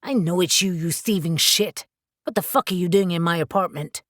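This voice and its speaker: Brief: woman reading a sardonic tough-guy dealer, low voice, blunt and profane. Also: normal speed, a bit bright, no room sound, studio quality, natural voice. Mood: gruff. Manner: blunt, sarcastic, swears. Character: gruff blunt male supernatural dealer.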